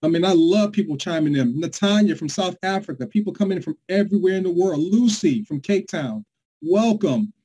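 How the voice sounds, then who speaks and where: A man's voice: sits high, animated, fairly quick, warm tone, breathy edge, poor audio. A man from New York hosting a live online presentation, upbeat and hyped as he greets viewers by name. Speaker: webinar host.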